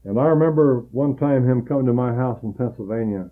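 A man preaching a sermon, earnestly building emphasis and then dropping low and quiet to tell a personal story. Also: fairly quick, phone-quality sound.

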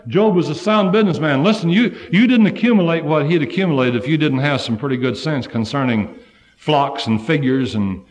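A man preaching a sermon to a congregation, swinging from loud fervent cries to low, hushed passages.

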